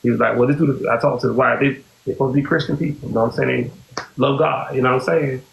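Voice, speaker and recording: A man's voice: medium pitch, steady tone, quick pace, vocal fry. A man hosting a podcast, telling a personal story in casual, rambling talk that keeps circling back to "you know what I'm saying.". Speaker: podcast host. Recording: echoey room with faint hiss.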